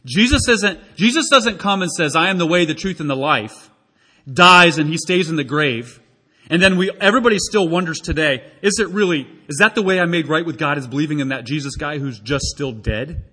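Male pastor, high husky voice, animated sermon delivery. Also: a little fast. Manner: animated, acts out quoted voices.

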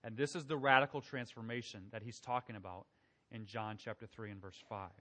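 A man's voice: lowish voice, fairly even intonation, fairly quick, sharp tone. Conversational male preacher in a reverberant hall. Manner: conversational, asks the congregation questions. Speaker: pastor. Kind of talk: sermon.

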